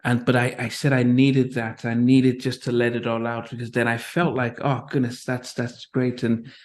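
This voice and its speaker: A middle-aged man from Nigeria hosting an interview, speaking reflectively with many restarts and pauses. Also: medium pitch, completely flat delivery. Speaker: interview host. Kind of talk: conversational interview.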